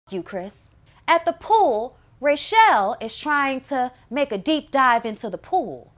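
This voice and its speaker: A woman's voice: high-pitched, a bit bright. A woman reviewing a movie in a casual recap with sassy, wry asides.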